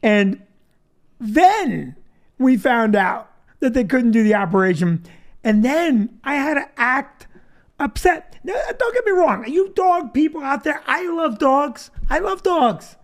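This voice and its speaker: Hosting a live show, this comedian spins a funny story in a very high, very animated voice without rushing. He keeps laughing at his own jokes as he goes.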